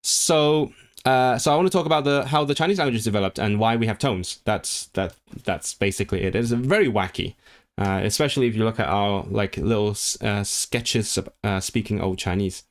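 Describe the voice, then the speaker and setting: A man's voice: lowish voice, fairly quick. A man in his thirties from Hong Kong, chatting casually on a livestream, reading viewers' messages aloud and rambling with many restarts. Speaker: livestream host.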